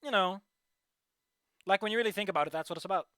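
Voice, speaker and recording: Male streamer, profane and animated; bright tense tone, dry close-miked sound. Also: high-pitched, fast talker, clean tone, no room sound. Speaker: streamer playing a visual novel. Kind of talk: casual let's-play commentary and reading.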